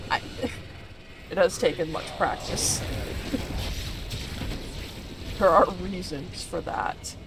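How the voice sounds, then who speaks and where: A woman's voice: fairly low pitch, unhurried, pauses often, background noise. A woman live-streaming a video game, chatting casually with her viewers and laughing often. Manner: chatty, answers chat with frequent laughs. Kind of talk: casual live-stream chat while gaming.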